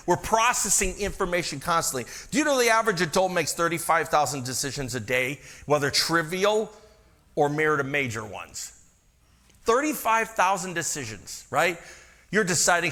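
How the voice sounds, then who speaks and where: In a church sanctuary, a male pastor preaches a conversational sermon packed with asides and rhetorical questions to the congregation. His voice is a little high, with a pushed, bright quality.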